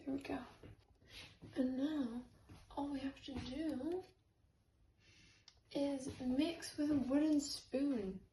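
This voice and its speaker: A woman's voice: sits high, takes it slowly, pauses often, warm tone, echoey room, far from the mic, a little hiss or hum, low-quality recording. A woman chatting casually while baking for her channel, playful and goofy. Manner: playful, goofy, makes silly noises. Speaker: YouTuber baking on camera. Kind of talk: casual baking vlog chat. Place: home kitchen.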